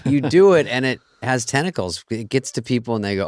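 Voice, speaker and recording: A man's voice: medium pitch, expressive, brisk, dry recording. A middle-aged man co-hosting a podcast, telling stories in a dry, wry way with casual swearing. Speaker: podcast co-host. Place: podcast studio.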